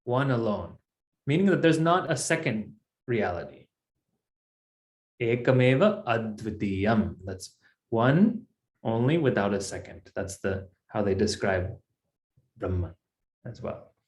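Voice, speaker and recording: Slow, lively-pitched man teaching a class. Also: roomy sound. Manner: patient, explains step by step, lively pitch. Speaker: Sanskrit teacher. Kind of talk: online language class.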